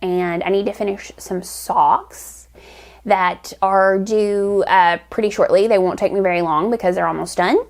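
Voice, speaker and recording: A woman's voice: medium pitch, steady tone, measured pace. A woman hosting a crafting vlog, chatting enthusiastically to camera with rambling restarts. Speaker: knitting vlog host. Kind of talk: casual chat to camera.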